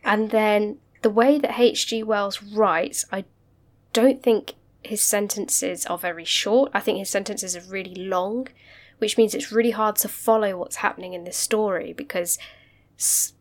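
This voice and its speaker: A young woman chats casually as a podcast co-host. She talks in a mid-range voice and tells lively, rambling stories, laughing often as she goes. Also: mid-range voice, moderate pace. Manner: chatty, animated storytelling with frequent laughs. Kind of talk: casual chat.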